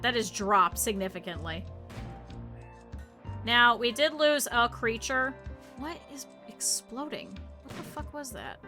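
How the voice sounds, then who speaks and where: A woman's voice: a little high, animated, measured pace, pushed and bright, soft background music. A woman streamer commenting on her gameplay live, chatting with her viewers, scolding her characters and swearing freely.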